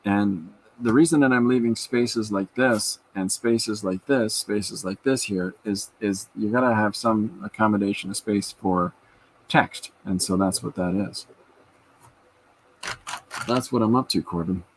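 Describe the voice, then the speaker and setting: A man's voice: on the low side, measured pace, husky, low-quality recording. A man hosting a podcast, chatting casually and rambling through stories while he draws. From Canada. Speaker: podcast host and artist. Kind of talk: casual chat while drawing.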